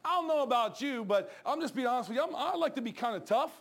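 A middle-aged man, preaching a joking, storytelling sermon that turns soft and low for serious points. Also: lively intonation, fast talker. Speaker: pastor.

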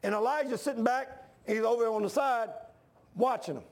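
A man preaching a fervent sermon, reading scripture aloud and rising to near shouts when worked up. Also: very high-pitched, normal speed. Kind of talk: fiery sermon.

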